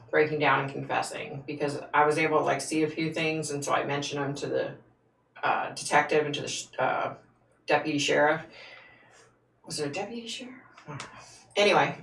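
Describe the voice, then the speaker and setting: A woman's voice: deep voice, creaky, fairly bright tone, distant mic. A woman who is a psychic, hosting a casual live stream and answering viewer comments frankly, laughing often. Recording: echoey room, voice away from the mic.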